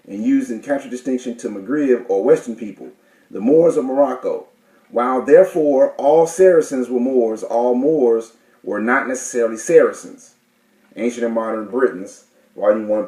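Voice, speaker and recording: Male teacher reading and explaining entries, halting and roundabout, warm timbre, roomy echo. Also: mid-range voice. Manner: hesitant, many fillers and self-corrections. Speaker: class teacher. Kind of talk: reading and explaining legal definitions.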